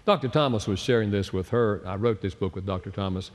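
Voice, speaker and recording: A man's voice: lowish voice, fast. A man, an author and counselor, giving a storytelling talk and acting out the people he quotes. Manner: acts out quoted people with changed voices. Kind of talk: lecture with storytelling. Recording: long reverb of a large hall.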